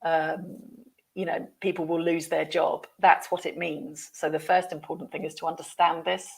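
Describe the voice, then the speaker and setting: Low creaky-voiced woman teaching. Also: little pitch movement, normal speed. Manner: patient, explaining, British-polite phrasing. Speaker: English teacher. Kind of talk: business English lesson.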